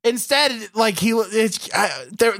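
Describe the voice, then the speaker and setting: A man's voice: sits high, expressive, takes it slowly, gravelly, fairly bright tone, dry recording, clean studio sound. A man co-hosting a podcast, riffing on a movie in a profane, jokey way and acting out its lines. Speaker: podcast co-host. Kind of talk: casual movie-review chat.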